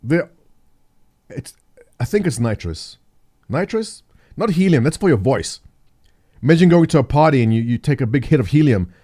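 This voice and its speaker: A man's voice: mid-range voice, big pitch swings, moderate pace, long pauses, mellow. A middle-aged man hosting a live stream, chatting casually and jokily with viewers, thinking aloud and reading the chat. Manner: rambling, jokey, thinks aloud, reads chat. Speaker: livestream host.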